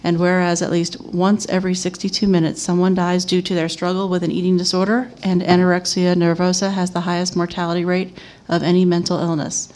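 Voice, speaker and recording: A woman chairing a city commission meeting, reading agenda items and a formal proclamation aloud in a steady, even manner. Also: on the low side, brisk, few pauses.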